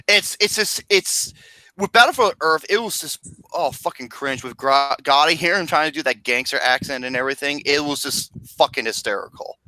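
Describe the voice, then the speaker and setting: A man chatting casually about movies on a podcast, excitable and swearing as he laughs at bad films. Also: a little high, brisk, no room sound.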